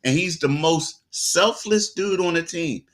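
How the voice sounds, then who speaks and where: With a somewhat high voice and a measured pace, a male co-host on a sports talk show narrates stories animatedly and loosely, full of quoted asides.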